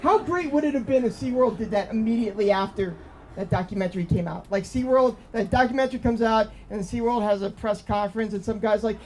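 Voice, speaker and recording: A man's voice: sits high, fast talker. A man performing a stand-up set in a club, brash and sardonic with mock-earnest asides. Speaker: stand-up comedian. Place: comedy club stage. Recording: live club with loud crowd laughter and noise.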